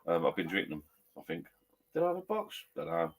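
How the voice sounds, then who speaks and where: A man's voice: deep voice, huge pitch swings, fast. A middle-aged man, chatting casually on a live stream from his garden bar shed and reading out viewer comments in a rambling, blokey way.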